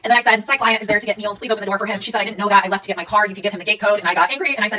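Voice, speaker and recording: A woman telling a personal story in a casual monologue, rapidly recounting events and reading out text messages. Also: mid-range voice, fairly even intonation, bright, forceful tone, distant mic, poor audio.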